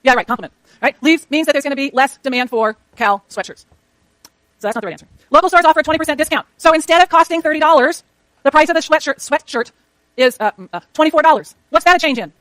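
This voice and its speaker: A woman lecturing a university economics class, rushing through clicker questions and talking to herself as she works her slides. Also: sits high, fairly bright tone, no echo. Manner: rapid, chatty, self-talk while working slides. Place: lecture hall.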